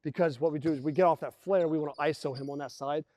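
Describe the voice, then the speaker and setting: A man's voice: fairly high pitch, fast talker. A man coaching a basketball team through plays on the court, explaining and calling out actions with energy. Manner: energetic, calls out plays and acts out players' voices. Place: indoor basketball gym.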